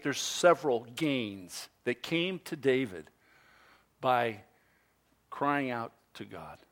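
A man preaching a sermon, swinging from loud, emphatic stresses to soft, low asides. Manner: slow, deliberate delivery with pauses. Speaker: pastor.

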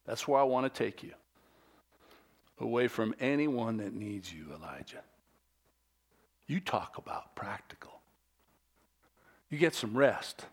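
Preaching man swinging from loud to hushed. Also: medium pitch, moderate pace, slightly rough. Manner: animated preaching that drops to a hushed, intimate storytelling voice. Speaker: pastor. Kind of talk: sermon.

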